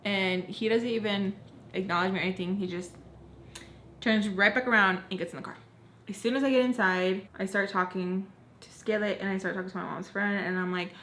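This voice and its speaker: Young woman, casual storytime vlogger, acts out quotes, rants heatedly, mid pitch. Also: fairly quick, gravelly, a bit bright. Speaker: beauty vlogger telling a story. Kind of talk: storytime vlog while doing makeup.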